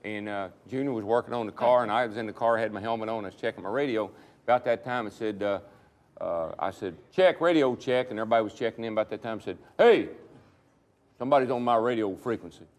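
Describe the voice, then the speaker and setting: Older man, retired racer, fast storytelling, chuckling, casual. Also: on the low side. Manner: fast-talking, laughing through anecdotes. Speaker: retired stock car driver.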